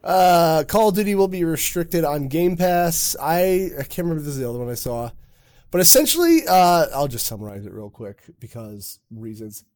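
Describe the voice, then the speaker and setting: A man from New York co-hosts a relaxed gaming chat. He talks bluntly and offhandedly and swears often. His delivery is loose and conversational. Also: fairly high pitch, moderate pace. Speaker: podcast co-host.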